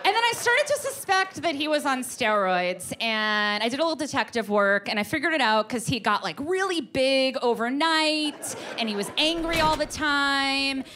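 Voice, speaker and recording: A woman performing a stand-up comedy set, telling an animated story and slipping into voices for the people in it. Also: sits high, normal speed, hardly any pauses. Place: comedy club stage with audience.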